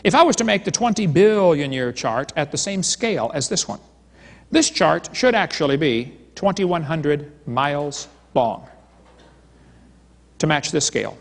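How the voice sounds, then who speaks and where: A man's voice: on the high side, animated, measured pace. A man giving a live seminar lecture, telling stories and jokes and acting out his dialogues. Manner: joking storyteller, retelling dialogues. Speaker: creationist seminar speaker. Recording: long hall reverb.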